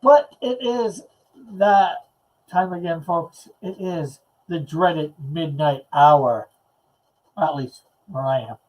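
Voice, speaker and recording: A man's voice: on the high side, slow pace, poor audio. A man hosting a late-night live stream chat, reading comments aloud in a laid-back, chuckling way. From Canada. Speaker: host.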